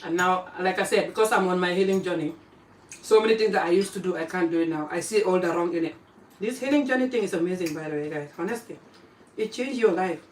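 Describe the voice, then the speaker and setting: An African woman vlogging casually while eating, chatting in an animated way and jumping from topic to topic. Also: fairly low pitch, fast, a little hiss or hum. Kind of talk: casual live-stream chat while eating. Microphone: phone camera pointed away from her. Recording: roomy phone audio from a distance.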